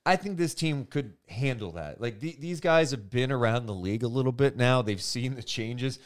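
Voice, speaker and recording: A man's voice: medium pitch, normal speed. A man co-hosting a basketball podcast in casual, filler-heavy chat. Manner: animated, lots of fillers. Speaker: podcast co-host.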